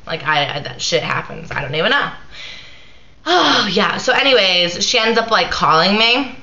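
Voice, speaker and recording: Tired young woman ranting on her vlog, bright voice, lots of likes, echoey room. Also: mid-range voice, lively intonation, normal speed. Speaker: vlogger. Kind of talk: venting vlog. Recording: echoey room, slightly dull sound.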